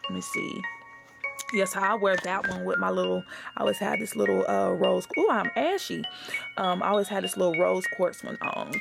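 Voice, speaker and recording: A woman chatting excitedly to viewers while unboxing a gift box, gushing and calling them y'all. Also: mid-range voice, normal speed, vocal fry, over loud music. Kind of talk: casual unboxing chat.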